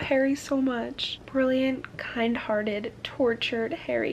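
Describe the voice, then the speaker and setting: A young woman filming a casual reading vlog at home, gushing and excitable, dropping to whispers as she reads along. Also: fairly high pitch, unhurried, few pauses, dull audio, slight background noise. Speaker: book vlogger. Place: at home, lying down to read.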